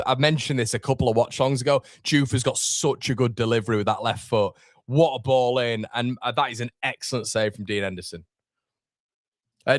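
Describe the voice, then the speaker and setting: A young man with a fairly low voice hosts a live football watchalong, recorded in clean studio sound with no echo. He is chatty, reads out the chat and calls his viewers mate.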